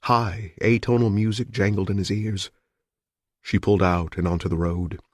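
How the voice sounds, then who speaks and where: A man narrating a thriller audiobook in a steady, measured way. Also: on the low side, no echo, studio quality. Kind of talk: scripted narration.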